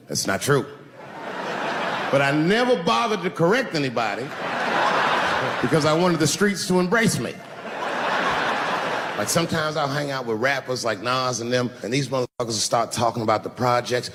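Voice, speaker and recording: A man in his fifties performing a stand-up comedy set on a large theater stage, telling stories at a relaxed pace and leaving room for the crowd's laughter. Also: medium pitch, moderate pace, pauses often, heavy background noise. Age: 50s. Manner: laid-back storytelling with crowd laughter breaks. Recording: reverberant hall with loud crowd.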